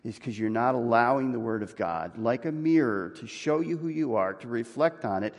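A man preaching a sermon as pastor, earnest and building to emphatic, forceful points. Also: mid-range voice, normal speed, vocal fry. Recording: long reverb of a large hall.

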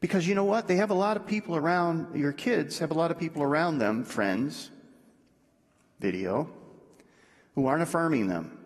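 A man preaching a sermon in a conversational way, dropping low and soft to make his points. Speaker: pastor. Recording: echoey hall.

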